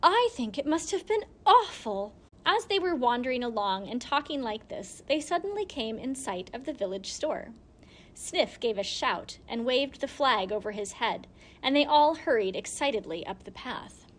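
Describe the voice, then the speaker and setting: A woman reading a children's storybook aloud, giving the characters light voices of their own. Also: moderate pace. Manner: lively, voices each character with small pitch lifts. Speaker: reader.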